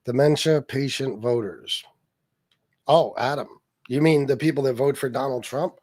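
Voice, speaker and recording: A man's voice: medium pitch, normal speed, a little mellow, dry recording, studio quality. Profane, sarcastic male livestream host. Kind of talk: casual political livestream, reading chat.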